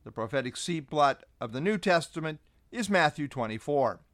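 A man preaching a sermon in a high, very animated voice that rises and falls a lot. He speaks with emphasis, reading scripture aloud and listing verse numbers. The sound is dry and close. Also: normal speed, no echo. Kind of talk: expository sermon.

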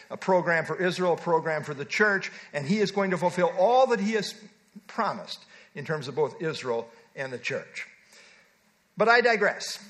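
A man's voice: a little high, fairly bright tone. A man preaching a sermon, reading scripture aloud and stepping aside for emphatic asides.

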